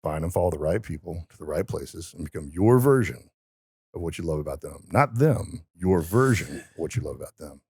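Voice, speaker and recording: A man's voice: low voice, animated, a little fast, darkish tone, breathy edge, no room sound. A man telling stories in a casual podcast conversation, emphatic and motivational. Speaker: podcast guest.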